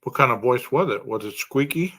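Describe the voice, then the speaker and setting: A man's voice: medium pitch, lively intonation, fairly quick, fairly bright tone, slightly rough. A man hosting a true-crime podcast. He reasons aloud and poses long strings of rhetorical questions. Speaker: podcast host.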